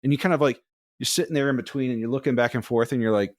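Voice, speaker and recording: Podcast guy rambling through a story, animated, dry close mic sound. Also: mid-range voice, racing, dry recording. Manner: rambling, animated, acts out quoted voices. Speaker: podcast co-host. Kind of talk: casual storytelling.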